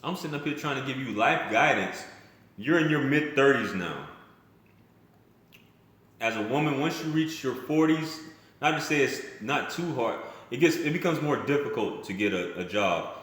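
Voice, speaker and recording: A man's voice: mid-range voice, expressive, moderate pace, fairly bright tone. A man telling a personal story in a casual vlog, blunt and rambling, often restarting his sentences and using slang. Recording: very echoey room.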